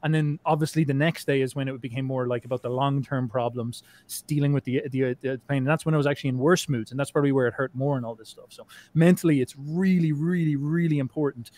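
Fast-talking, rambling man. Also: mid-range voice, steady tone, darkish tone. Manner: rambling, swears often, many restarts and fillers. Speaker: podcast guest. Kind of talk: casual conversation.

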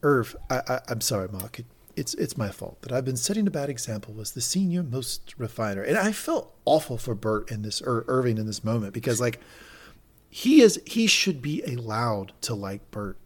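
Male co-host, casual recap talk, animated delivery, mid-pitched voice with lots of movement. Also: normal speed. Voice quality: animated, acts out character lines with big pitch jumps. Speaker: podcast co-host recapping a TV episode. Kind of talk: casual chat.

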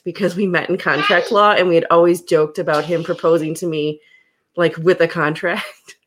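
A woman with a lowish voice hosts a relaxed podcast chat. She tells stories in an animated way, often breaking into laughter. She sounds like a young adult. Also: brisk. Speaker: podcast host. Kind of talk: casual storytelling chat.

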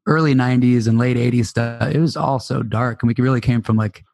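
Man in his forties, gravelly voice, laid-back and wry, dry close recording. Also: mid-range voice, steady tone, a little fast, darkish tone, dry recording. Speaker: podcast co-host. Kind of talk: casual chat.

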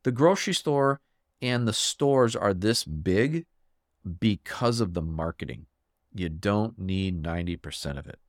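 A man hosting a solo podcast, ranting in a fired-up, emphatic way and swinging his pitch for effect. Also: expressive, measured pace, dry recording, studio quality. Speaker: podcast host.

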